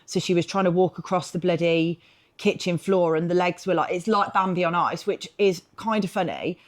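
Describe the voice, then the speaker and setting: A woman's voice: lowish voice, normal speed. A middle-aged woman co-hosting a podcast, chatting casually in a rambling way with lots of fillers and the odd swear word. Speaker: podcast co-host. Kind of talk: casual chat.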